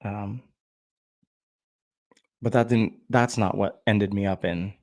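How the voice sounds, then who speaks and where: A man's voice: on the low side, fairly even intonation, takes it slowly, a little mellow, no echo. A man vlogging a candid personal story in a rambling, frank way, with fillers, restarts and swearing. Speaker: vlogger sharing his recovery story.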